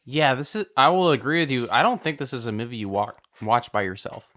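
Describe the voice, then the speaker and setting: Mid-voiced guy hosting, quick mm-hmms, moves it along. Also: mid-range voice, a bit bright. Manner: affirming, moves the talk along. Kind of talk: casual podcast moderation.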